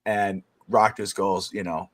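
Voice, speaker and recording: Excited man telling a wrestling story. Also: fairly low pitch, measured pace. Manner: excited storyteller, many fillers. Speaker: sports talk show co-host. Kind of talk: casual sports chat on a live stream.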